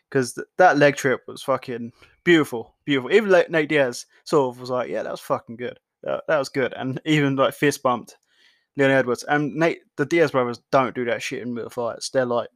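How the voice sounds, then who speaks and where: A man's voice: medium pitch, a bit bright, dry recording. A young man hosting a podcast, talking loosely and swearing a lot, often restarting his sentences. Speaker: podcast host. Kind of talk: casual solo commentary.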